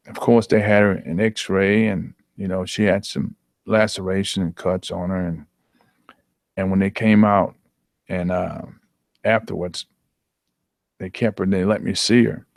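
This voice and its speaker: A man recounts a hard memory, earnest and halting, often starting his sentences over. His voice sits low. The sound is dry and close, with no room around it. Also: fairly even intonation, vocal fry, no echo. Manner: earnest, halting with repeated restarts. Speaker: athletic trainer, guest. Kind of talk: emotional personal storytelling.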